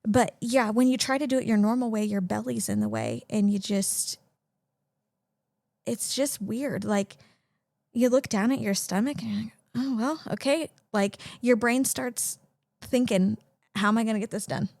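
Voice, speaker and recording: A woman's voice: a little high, animated, normal speed, vocal fry, darkish tone, dry recording, studio quality. A young woman co-hosting a casual parenting podcast, talking in a chatty way with lots of "like" fillers. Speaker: podcast co-host. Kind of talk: casual chat.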